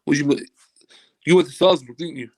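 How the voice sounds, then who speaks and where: At a moderate pace and with a voice on the high side, a man shares a casual anecdote as an interview guest. He works as a football agent, and he acts out the dialogue with energy while swearing freely.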